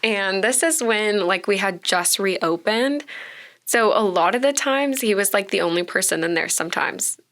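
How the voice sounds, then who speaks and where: A young woman in her twenties with a light Texan accent, talking casually as a podcast guest. Her voice sits at a middle pitch, and she tells stories in a loose, chatty way, with "like" in almost every sentence. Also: animated, normal speed, fairly bright tone. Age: 20s. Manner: chatty storyteller, heavy use of "like". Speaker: podcast guest, bartender and content creator. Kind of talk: casual interview chat.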